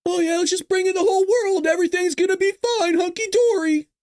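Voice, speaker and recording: A man's voice: very high-pitched, fairly even intonation, fast, a little mellow, voice pushed up. A man putting on a sarcastic, singsong voice to mock a naive liberal caricature.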